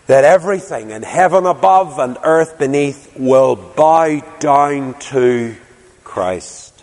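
A man's voice: mid-range voice, animated, slow, darkish tone, in a large hall. A man preaching a fervent sermon as a pastor in a church, pleading with his listeners. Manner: fervent, rising to impassioned pleading.

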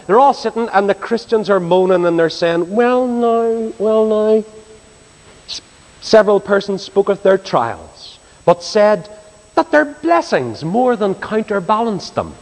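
A high-voiced, lively man preaching to a congregation, his voice leaping from ringing exclamations down to near-hushed asides. His words trail off into the long reverb of a large hall. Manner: animated, swinging from loud exclamations to hushed tones. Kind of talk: storytelling sermon.

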